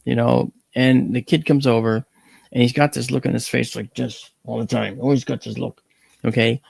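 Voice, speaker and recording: A man, a guest on an interview show, telling a dramatic personal story with animated swings in pitch and blunt, mildly profane wording. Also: normal speed, creaky, husky, dry recording. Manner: blunt, mild cursing.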